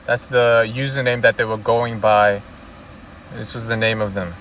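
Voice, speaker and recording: A man's voice: fairly low pitch, flat delivery, moderate pace, a bit bright, slight background noise. Young guy venting to his viewers, keeps repeating himself, swears a lot, kinda fed up. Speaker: YouTuber. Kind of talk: casual rant to camera.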